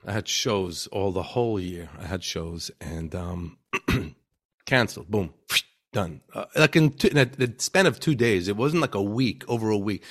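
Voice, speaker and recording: Man talking casually in an interview. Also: lowish voice. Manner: conversational, repeats words as he thinks. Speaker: stand-up comedian guest.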